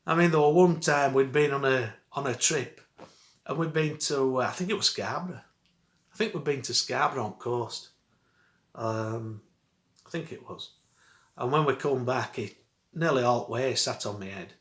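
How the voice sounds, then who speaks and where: A middle-aged man rambles through a story in his own dialect, chuckling as he goes. His voice sits at an ordinary middle pitch. The recording has a roomy echo around him. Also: moderate pace, fairly bright tone. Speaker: vlogger. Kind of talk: casual storytelling.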